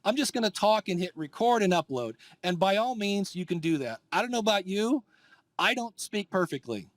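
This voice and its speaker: High-voiced guy giving a conference talk, chatty and lively, does little voices when quoting folks, dry sound. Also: moderate pace, no room sound. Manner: lively, conversational, acts out quoted voices. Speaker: conference speaker. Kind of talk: live conference presentation. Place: conference room.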